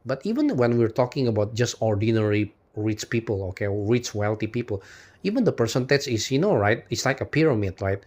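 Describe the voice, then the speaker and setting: Speaking as a video host in a sing-song, brisk, darkish mid-range voice, a man rambles through an unscripted philosophical monologue full of "you know"s and restarts. Frustrated, he swears, then apologizes, and laughs between points.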